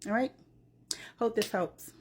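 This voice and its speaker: A woman's voice: fairly high pitch, a little slow, a little mellow, slight background noise. A woman giving an emotional, preachy reaction commentary, often saying "child" and "you know what I'm saying". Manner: uses "child" as address. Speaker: commentary vlogger.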